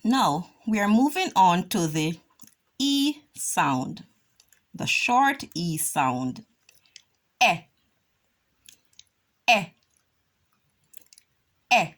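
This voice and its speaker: A woman teaching a children's phonics lesson, drawing out vowel sounds slowly and deliberately. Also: on the low side, big pitch swings. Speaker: reading teacher.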